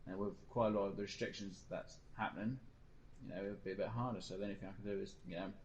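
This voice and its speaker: A man's voice: on the low side, fairly even intonation, fast, darkish tone, a little hiss or hum, rough recording. A man streaming a game, rambling through a personal story in casual chat and mimicking other people's lines. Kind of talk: casual chat while gaming.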